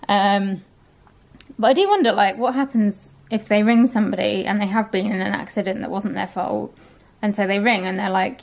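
A woman's voice: medium pitch, fairly even intonation, fairly quick, a little mellow. A young woman vlogging in a casual chat, tired and sluggish, rambling with lots of ums and likes.

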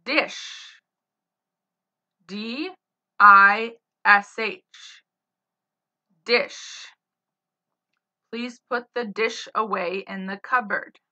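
A woman teaching spelling, saying each word slowly, spelling it letter by letter and using it in a sentence. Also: mid-range voice, steady tone, pushed and bright. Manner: spells words letter by letter, then gives example sentences. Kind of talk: slow dictation of spelling words. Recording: slightly dull lo-fi sound.

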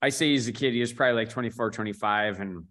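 A man's voice: lowish voice, racing, a bit bright. A man hosting a casual martial arts chat, telling a road story and calling on each guest in turn. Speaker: podcast host.

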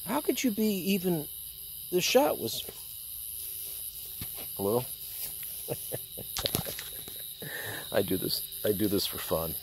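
A man's voice: mid-range voice, huge pitch swings, slow, vocal fry, long pauses, slight background noise. A man vlogging a night hunt outdoors in a casual, rambling, profane way, talking to his dog and the animal through a handheld camera. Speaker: hunting vlogger. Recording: loud night insects outdoors.

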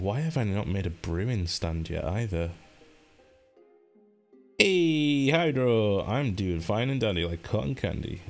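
Deep-voiced man chatting through a game. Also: gravelly, darkish tone. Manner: chatty, joking, reads chat aloud; playful pitch jumps, hums and sings to himself. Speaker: let's play host. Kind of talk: live-streamed gameplay commentary.

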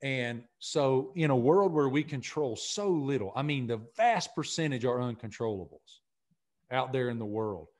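A middle-aged man with a Southern accent, a guest in a podcast interview, talking in an earnest, energetic way and often repeating himself. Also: mid-range voice, normal speed. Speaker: podcast guest, sports broadcaster. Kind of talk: casual interview talk.

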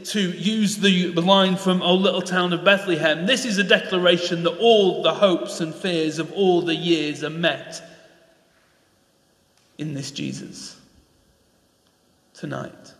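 A Northern English man delivers an enthusiastic sermon, his pitch sitting high for a man. His voice rings through a church hall with a long, roomy reverb. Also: a bit bright. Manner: passionate, enthusiastic preaching with rising pleading questions. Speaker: preacher.

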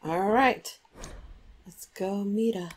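A woman's voice: mid-range voice, takes it slowly, a little hiss or hum. A woman hosting a let's play, commenting casually on gameplay in a chatty, goofy, self-deprecating way.

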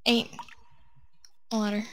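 A woman narrating her horror game play, jittery and swearing, often dropping to a hushed murmur as she counts steps. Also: takes it slowly, background noise. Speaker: let's play gamer.

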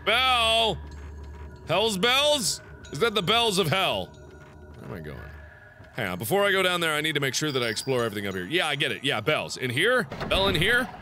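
A man giving running commentary on a horror game playthrough. He mutters to himself as he explores and shouts taunts at the ghosts on screen. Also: medium pitch. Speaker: gaming video host. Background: loud game music.

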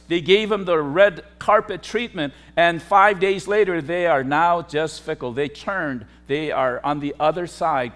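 A man, a pastor, preaching a sermon with emphatic, repetitive phrasing and sharp swings between loud declarations and hushed asides. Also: on the high side, unhurried, hardly any pauses.

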